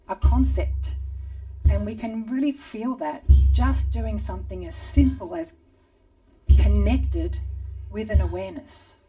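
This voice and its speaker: A woman teaching a rhythm lesson, calmly guiding movement and chanting syllables. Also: mid-range voice, distant mic. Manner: calm, slow guiding speech mixed with chanted syllables. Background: drum beat.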